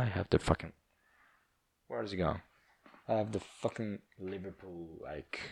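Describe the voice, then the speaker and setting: A man's voice: on the low side, creaky, no room sound, studio quality. A man hosting a podcast, ranting in a casual, profane, rambling and self-mocking way. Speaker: podcast host.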